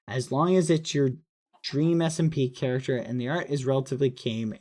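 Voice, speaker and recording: A man streaming late at night who chats casually with viewers in a snarky, playful way, apologizing over and over. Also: mid-range voice.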